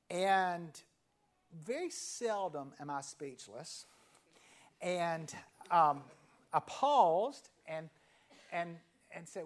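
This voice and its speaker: Pastor in his fifties, hushed dramatic endings. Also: on the high side, lively intonation. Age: 50s. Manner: conversational, with dramatic pauses and phrase endings dropped to a hushed near-whisper. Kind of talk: sermon with storytelling.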